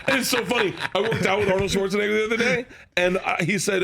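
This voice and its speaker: A man in his fifties, a comedian guest in a studio, telling animated stories, laughing often and acting out other people's lines. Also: high-pitched, moderate pace, gravelly, long pauses, husky. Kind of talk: animated storytelling with quoted voices. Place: radio show studio.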